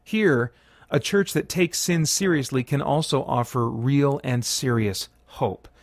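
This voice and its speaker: A man reads a prepared review aloud in an earnest, reflective manner, with a voice of middle pitch. The sound is dry and close, with little room around it. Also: a little slow, no room sound. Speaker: podcast host and reviewer. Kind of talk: scripted review read aloud.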